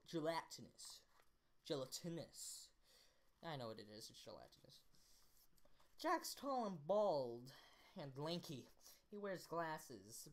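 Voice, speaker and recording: Low-voiced woman reading aloud playfully. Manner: playful, self-interrupting, slips into voices. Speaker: reader. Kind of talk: casual amateur book reading.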